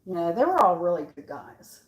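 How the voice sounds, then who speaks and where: A woman's voice: fairly low pitch, big pitch swings, a little fast, dull audio, slight background noise. A woman, chatting at home in her kitchen, rambling through stories with many fillers and frequent laughs. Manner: laughs often while telling stories. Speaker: cooking vlog host. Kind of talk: casual storytelling chat.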